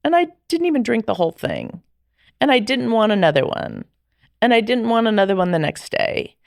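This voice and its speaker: A middle-aged woman telling her personal story as a podcast guest, lively and acting out the dialogue she remembers. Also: on the high side, brisk, gravelly, no echo, studio quality. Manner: animated, acts out quoted dialogue.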